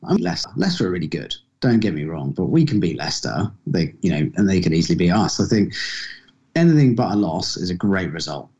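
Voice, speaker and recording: A young adult man co-hosts a casual podcast over a laptop video call, his voice sitting low, sing-song, quick and warm. He's hesitant and self-deprecating, full of fillers and restarts. The call audio is dull and lo-fi.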